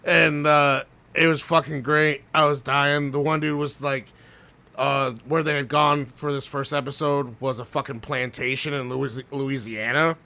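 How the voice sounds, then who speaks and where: A man's voice: mid-range voice, flat delivery, measured pace, gravelly, sharp tone. A man co-hosting a podcast, rambling through a story, swearing often and laughing as he goes. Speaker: podcast co-host. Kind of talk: casual profane chat.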